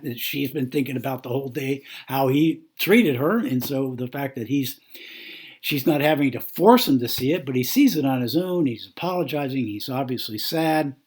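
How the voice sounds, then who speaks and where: A man's voice: mid-range voice, a little mellow, slightly rough. A man giving an earnest teaching talk on marriage, acting out a couple's quarrel and often repeating words as he goes. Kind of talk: teaching talk with acted-out scenario.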